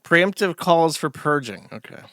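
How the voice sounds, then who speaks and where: A man's voice: fairly high pitch, expressive, unhurried, a bit bright, no echo, clean studio sound. A man commentating casually on video clips, sarcastic and mocking, often laughing.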